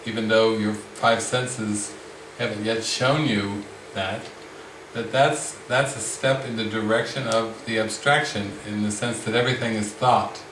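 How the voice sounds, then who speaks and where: A man leading a spiritual retreat discussion, speaking slowly and reflectively with frequent restarts. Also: lowish voice, fairly even intonation, background noise. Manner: slow, reflective, many restarts. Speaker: spiritual teacher. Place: retreat room with a group. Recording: roomy sound from the mic's distance.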